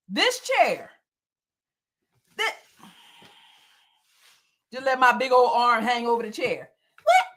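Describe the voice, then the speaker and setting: A woman host on a casual livestream, talking straight to her viewers. Her voice sits high and swings up and down all the time. The tone is bright and a little sharp. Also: slow pace, long pauses. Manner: animated, playful, chatty with viewers.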